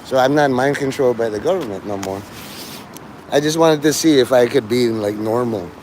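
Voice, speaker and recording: A man's voice: medium pitch, fairly quick, a little mellow, a little hiss or hum. A man streaming live, rambling through jokes and stories, laughing often and swearing freely.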